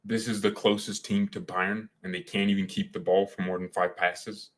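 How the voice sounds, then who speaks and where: A man's voice: on the low side, little pitch movement, moderate pace. A man hosting a casual live match watchalong as a fan, talking in an opinionated, rambling and slangy way. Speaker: fan channel host.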